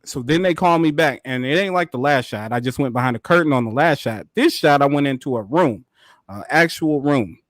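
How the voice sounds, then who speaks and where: A man co-hosting a podcast, telling a story in a casual, animated way, full of profanity and quick laughs. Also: mid-range voice, no room sound, clean studio sound. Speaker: podcast co-host.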